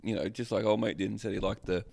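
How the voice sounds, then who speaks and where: A man's voice: lowish voice, steady tone, fast, gravelly, darkish tone, dry recording. Man, laid-back podcast co-host, dry close sound, casual and sweary. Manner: easygoing, frequent "yeah" backchannels, sweary.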